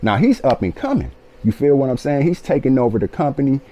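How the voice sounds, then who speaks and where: A man in his late forties telling a personal story in an animated, profane way, often checking in with his listeners. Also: mid-range voice, fast talker. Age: 40s. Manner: animated, profane, keeps asking "you feel me". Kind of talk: casual storytelling.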